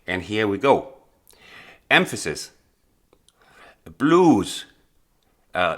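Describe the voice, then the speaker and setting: Low-voiced man teaching blues piano. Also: a bit bright. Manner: earnest, emphatic, encouraging, with hesitations. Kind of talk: explanatory piano lesson. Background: faint piano playing.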